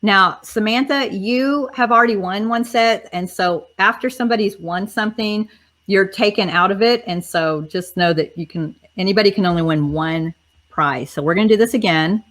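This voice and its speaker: A woman's voice: medium pitch, moderate pace, a bit bright. A woman hosts a livestream on a video call. She chats with viewers in an upbeat way, and her voice cracks and tires. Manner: chatty, upbeat, talks to viewers directly. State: voice cracking and tiring. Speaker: host. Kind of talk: casual livestream chat.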